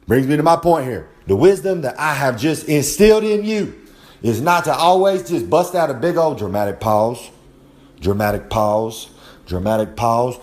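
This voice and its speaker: A man's voice: on the high side, big pitch swings, normal speed, darkish tone. A brash man with a drawl, delivering a wrestling promo monologue and talking about himself in the third person. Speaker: wrestling podcast segment guest.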